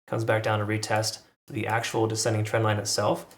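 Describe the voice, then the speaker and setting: A man with a fairly low voice talks his way through crypto price charts in a loose, conversational way, repeating himself and adding offhand asides. He sounds like he is in a roomy, echoey space. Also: completely flat delivery, a little fast, a bit bright. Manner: casual, rambling with restarts and asides. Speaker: crypto market analyst. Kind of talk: chart analysis commentary.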